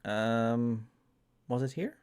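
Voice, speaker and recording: A man's voice: medium pitch, drawn-out words, a little mellow, clean tone. A man streaming a game, talking candidly and emotionally, with casual swearing. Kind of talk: casual live-stream commentary. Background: game music.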